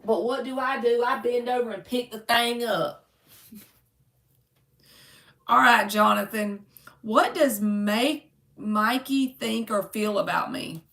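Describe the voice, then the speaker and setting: A woman reads tarot for a live audience and chats with them by name. Her voice is bright and has a gravelly edge. She sits a little back from the mic. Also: fairly high pitch, slow pace, pauses often, distant mic. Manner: chatty, joking, talks to viewers by name. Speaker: tarot reader. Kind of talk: casual live-stream tarot reading. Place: home room.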